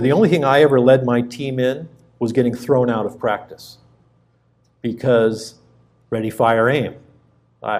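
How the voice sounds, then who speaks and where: A middle-aged man preaching, a pastor telling a personal story in a conversational, halting way with frequent restarts. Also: mid-range voice, a little mellow.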